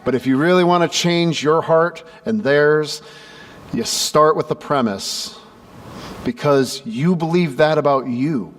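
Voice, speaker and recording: A male pastor preaching a sermon, telling stories and acting out the dialogue with lively energy. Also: fairly high pitch, a little slow. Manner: animated storyteller who acts out dialogue. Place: church sanctuary. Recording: echoey church with faint background noise.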